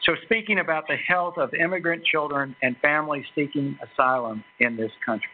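A man giving a formal introduction of a guest speaker at a lecture, halting often with fillers and restarts. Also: on the high side. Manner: hesitant, many fillers and restarts. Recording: tinny phone-like recording.

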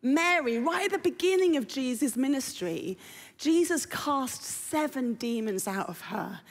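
A woman with a high-pitched, animated voice preaches a sermon at an unhurried pace in a church auditorium, her words echoing off the reverberant space. She keeps a conversational manner, putting questions to the congregation.

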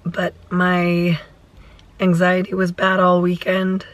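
A woman in her thirties with a hoarse voice, talking softly and a little anxiously in a casual vlog. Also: on the low side, monotone, slow pace, rough recording. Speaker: vlogger mother.

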